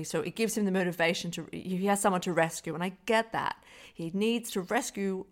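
Animated swearing woman film podcaster. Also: mid-range voice, a little fast. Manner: animated, swears freely, many restarts. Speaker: podcast co-host. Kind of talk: casual film discussion.

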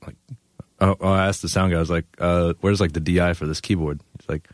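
A man's voice: sits low, steady tone, fast talker, no room sound, clean studio sound. A young man, a guest, telling laid-back stories in casual chat, laughing often.

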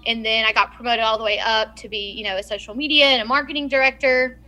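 A woman's voice: fairly high pitch, steady tone, fast talker, sharp tone. A woman in her thirties with a Southern American accent, chatting casually as a guest and laughing often. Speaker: guest blogger. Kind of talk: casual chat.

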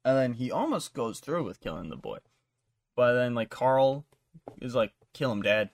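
Podcast guy rambling thru a sweary recap, regular pitch, dry close sound. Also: big pitch swings, normal speed, vocal fry, a little mellow, dry recording. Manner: rambling, profane plot recap with many fillers. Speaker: podcast host. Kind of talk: casual chat.

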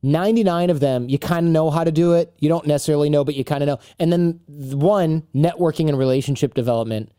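A man's voice: fairly high pitch, fast talker, hardly any pauses, clear, resonant tone, no echo, studio quality. A man in his thirties, a guest on a podcast, chatting casually and acting out quotes as he tells stories. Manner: animated storyteller who acts out quotes. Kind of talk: casual interview chat.

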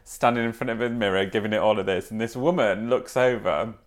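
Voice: mid-range voice, a little fast. A podcast co-host, telling a family story in casual chat and acting out the voices of the people in it. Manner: animated storyteller, acts out quoted voices.

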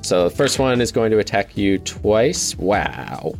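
Slow, low-voiced man running a tabletop game. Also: sing-song, vocal fry, faint music behind. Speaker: game master.

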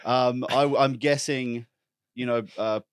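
A young man from Australia, a guest comedian, chatting on a podcast in a dry, self-deprecating deadpan. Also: medium pitch, takes it slowly, clear, resonant tone, no echo. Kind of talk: casual podcast chat.

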